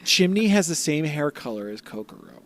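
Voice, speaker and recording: A man's voice: a little high, very animated, normal speed, fairly bright tone. A man co-hosting a casual podcast with playful, jokey banter. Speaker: podcast co-host. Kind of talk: casual chat.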